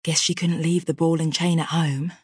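A woman narrator voicing a sassy, excitable young woman in an audiobook, pitching her voice up high and teasing. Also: normal speed, slightly rough, dry recording, studio quality. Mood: playful sass. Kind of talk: audiobook character voice.

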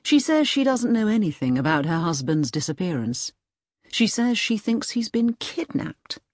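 A woman's voice: medium pitch, very animated, normal speed, a little mellow, dry recording, clean studio sound, pitched above the performer's own voice. Woman reading as a tired desk-bound official. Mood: weary. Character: weary male security official, calm, bookish. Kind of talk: audiobook reading.

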